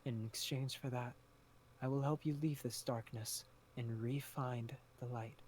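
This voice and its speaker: A man voicing a gentle, tentacled spirit of sorrow in a told story, speaking slowly and soothingly. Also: medium pitch, fairly even intonation, a little hiss or hum, natural voice. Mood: reassuring.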